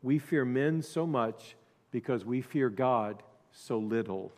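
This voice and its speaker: A male pastor preaching a sermon, dropping to quiet asides and then rising to loud emphasis. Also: medium pitch, takes it slowly, long reverb tail.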